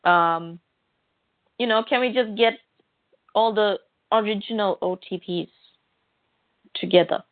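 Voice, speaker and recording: A woman's voice: medium pitch, slow pace, long pauses, no echo. A woman co-hosting a casual comic book chat, chatty and often quoting her own reactions. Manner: chatty, quotes herself with "I'm like". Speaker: podcast co-host. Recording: tinny phone-like line, dry.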